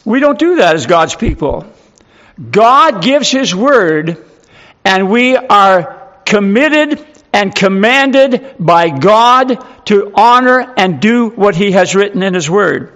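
A man's voice: high-pitched, lively intonation, slow pace, a bit bright. A male pastor preaching a sermon, emphatic and full of rhetorical questions.

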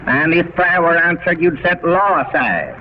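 A scornful skeptic farmer argues loudly and vehemently, as a preacher quotes him. His voice sits fairly high and comes through a dull, faintly hissy old radio recording. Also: sing-song, unhurried. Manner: loud, vehement.

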